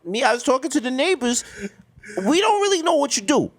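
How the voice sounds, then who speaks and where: A nosy, awkward suburban neighbor hedges and rambles, as a man puts him on. His high voice swoops all over the place. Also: sing-song, fairly quick, fairly bright tone, full character voice. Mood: prying. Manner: hesitant, rambling, full of "I mean".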